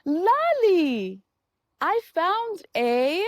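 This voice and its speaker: A woman with a high, bright voice teaches young children in a slow, coaxing sing-song, her pitch swinging widely up and down. She repeats each word and prompts the child to answer, and the recording sounds close and dry.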